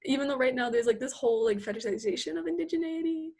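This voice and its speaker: Husky high-voiced woman telling stories. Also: fast. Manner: animated storytelling, many "like"s, acts out quotes. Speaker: guest. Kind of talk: casual chat.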